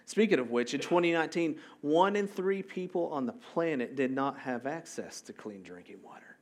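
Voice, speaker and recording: A man's voice: a little high, moderate pace. A man preaching a sermon in a loose, conversational way, often checking in with the congregation. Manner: casual and animated, with asides to the congregation. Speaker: pastor.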